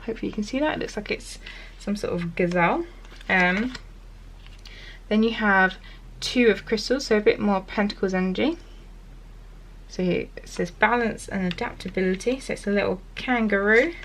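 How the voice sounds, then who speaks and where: A woman's voice: medium pitch, normal speed, pauses often, a little hiss or hum. Chatty woman giving a tarot reading. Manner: chatty, many fillers and restarts, gently encouraging. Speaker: tarot reader. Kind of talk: casual tarot reading to camera.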